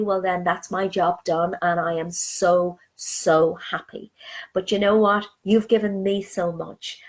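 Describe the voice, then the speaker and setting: Chatty, soothing woman on a live stream. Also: medium pitch. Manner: chatty and affectionate, greets viewers by name and reads their comments aloud; soothing and reassuring, drops to soft near-whispers. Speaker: spiritual speaker on a live stream. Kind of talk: casual live-stream talk to viewers.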